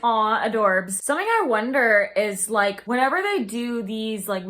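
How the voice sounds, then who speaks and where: Young adult woman, bubbly casual reactor, slightly high voice, talks with lots of filler. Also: pushed and bright. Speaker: songwriter reacting to an album.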